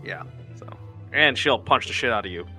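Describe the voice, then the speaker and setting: Over light background music, a man plays a tabletop game and chats casually in character, reassuring others and rambling with plenty of fillers. His voice is medium-pitched and sharp, with lively intonation and a moderate pace.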